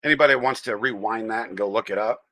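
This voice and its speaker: A man's voice: fairly low pitch, fast, bright, forceful tone. An American man hosting a casual livestream, chatting in a rambling way and greeting viewers by name. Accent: General American. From United States. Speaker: livestream host.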